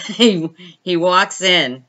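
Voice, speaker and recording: Woman host, bright forward voice, lo-fi stream audio, relaxed story-time chat with viewers. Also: fairly low pitch, very slow. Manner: chatty, answers viewer comments mid-story.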